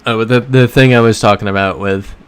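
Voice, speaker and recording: A man's voice: fairly low pitch, fairly even intonation, a little fast, clean tone. A man hosting a casual livestream while playing a geography game, talking in a rambling, self-correcting way and answering chat. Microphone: desk microphone.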